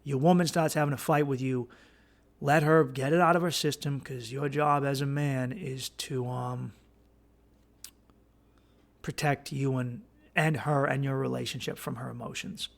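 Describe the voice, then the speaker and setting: A man's voice: mid-range voice, fairly even intonation, unhurried, creaky. A man hosting a podcast, giving blunt, profane, rambling advice with many restarts. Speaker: podcast host. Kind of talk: casual advice monologue.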